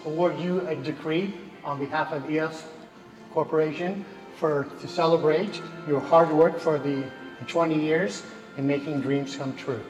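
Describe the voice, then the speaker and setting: A man's voice: on the high side, steady tone, measured pace. A man giving an emotional, heartfelt speech as he presents awards at a gala. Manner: heartfelt, sometimes choked with emotion. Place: large banquet hall on stage. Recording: echoey hall with long reverb. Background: music and crowd.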